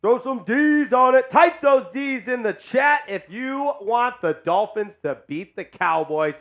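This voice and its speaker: A man hosting a casual live sports chat stream, hyped and joking as he shouts out viewers. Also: very high-pitched, lively intonation, a little slow. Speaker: sports show host.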